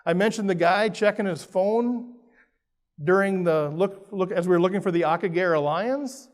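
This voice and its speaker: A middle-aged man from Minnesota with a Minnesotan accent, giving a lively, playful motivational talk to a conference audience and asking them questions. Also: high voice, normal speed. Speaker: keynote speaker. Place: large conference hall with an audience. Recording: roomy hall reverb.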